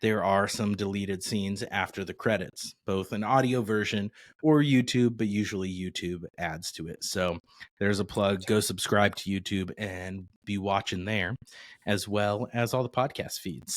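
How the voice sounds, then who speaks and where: This man from Nebraska, USA, co-hosts a podcast, and his voice sits on the low side with no echo. He chats casually and upbeat, wandering into rambling asides.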